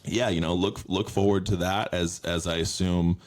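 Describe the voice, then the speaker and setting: Low-voiced man, rambling podcast host. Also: fairly even intonation, moderate pace. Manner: rambling, profane, many fillers. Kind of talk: casual chat.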